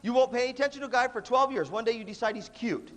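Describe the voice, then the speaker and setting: A middle-aged man leading a workshop for students, energetic and playful, often acting out other people's voices. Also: very high voice, very fast, slight background noise. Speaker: music clinician. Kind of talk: animated workshop talk to students. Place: large hall with a live audience. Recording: hall reverb from a big room.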